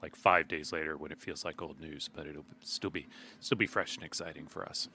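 A man with a very low voice and a bright, forceful edge chats casually, dropping dry, deadpan jokes between his thoughts. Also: fairly quick, slightly rough. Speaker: podcast co-host. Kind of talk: casual chat.

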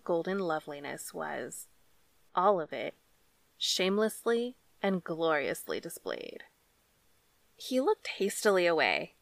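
A woman narrating a story in a measured, deliberate reading style. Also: on the low side, vocal fry, no room sound. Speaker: audiobook narrator.

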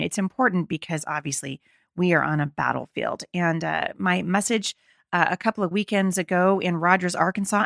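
A middle-aged woman hosts a faith podcast in a gravelly, slightly hoarse voice with plenty of fry. She talks to her listeners in an earnest, encouraging, conversational way. The sound is dry and close. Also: lowish voice, fairly bright tone, no room sound. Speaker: podcast host. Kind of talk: faith-based podcast talk.

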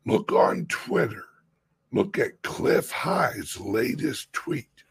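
Man, vlog host, very husky, lively swinging pitch, urgent, whispers and shouts, swears. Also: extremely slow, dry recording. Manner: swears freely for emphasis. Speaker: crypto channel host. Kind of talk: impassioned vlog rant.

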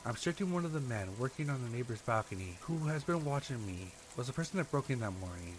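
A man's voice: medium pitch, lively intonation, fast talker, background noise. A man narrating true horror stories in a dramatic, scripted storytelling style.

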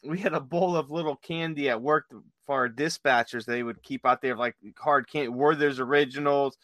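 Guy rambling thru a prank story, bright voice, kinda high, dry sound. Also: steady tone, normal speed, dry recording. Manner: rambling storyteller, many fillers and restarts. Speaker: guest telling prank stories. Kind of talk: casual chat. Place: workplace with dispatchers.

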